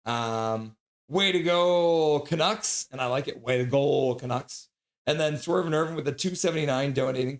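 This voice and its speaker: A man hosting a live sports stream, casually reading out chat messages and donations while signing off. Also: fairly high pitch. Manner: chatty, reads chat and donations aloud. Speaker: streamer host.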